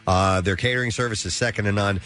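A man's voice: lowish voice, fast talker. A man from the Midwest hosting a radio morning show, chatting casually and reading live ads. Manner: relaxed, chatty with hesitations. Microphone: studio microphone.

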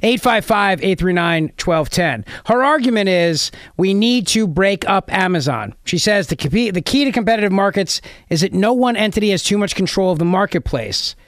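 A man's voice: high-pitched, lively intonation, moderate pace, few pauses, no echo, clean studio sound. A man hosting a call-in talk radio show, sarcastic and mocking as he takes calls. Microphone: studio mic.

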